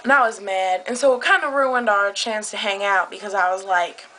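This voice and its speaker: A woman's voice: medium pitch, normal speed, background noise. A young woman telling a heated story into her camera, agitated and swearing a lot. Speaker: vlogger. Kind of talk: casual vlog storytelling. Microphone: camera close up.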